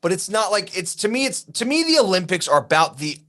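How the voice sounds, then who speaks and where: A man co-hosting a casual podcast chat, rambling and animated, who keeps dropping into mock voices. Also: sits high, brisk. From US East Coast. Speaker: podcast co-host.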